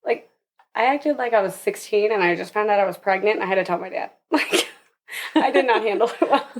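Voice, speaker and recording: A woman's voice: mid-range voice, fairly quick. A young woman, a podcast guest, tells a personal story in casual interview talk, laughing often and acting out the voices of people she quotes.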